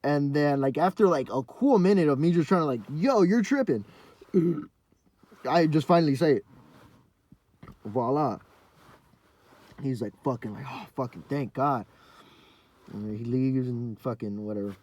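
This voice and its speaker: A man's voice: mid-range voice, unhurried, pauses often, mellow. A young man hosting a podcast, telling a story in a rambling, profane way full of fillers and restarts. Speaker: podcast host. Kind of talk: casual storytelling.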